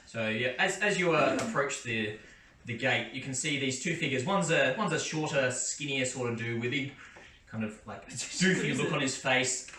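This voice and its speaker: A man from Australia narrating a tabletop game as game master, descriptive and halting. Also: mid-range voice, bright, forceful tone. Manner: descriptive, full of fillers and restarts. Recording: roomy far-off mic with background noise.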